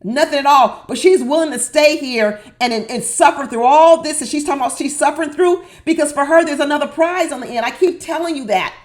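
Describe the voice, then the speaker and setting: A high-pitched woman delivers opinionated reality TV commentary. Her tone is sassy and exasperated, and she drives every point home by repeating it with emphasis. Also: a little fast, few pauses. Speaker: reality TV recap host.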